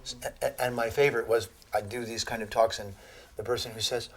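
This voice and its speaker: A man giving a lecture on Ayurveda to an audience, telling animated stories and laughing at his own jokes. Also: mid-range voice, brisk. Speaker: Ayurveda teacher.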